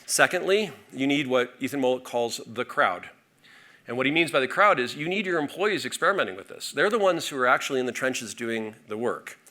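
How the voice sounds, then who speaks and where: A man giving a conference keynote from a stage, energetic and full of fillers and restarts. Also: medium pitch, brisk. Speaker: keynote speaker.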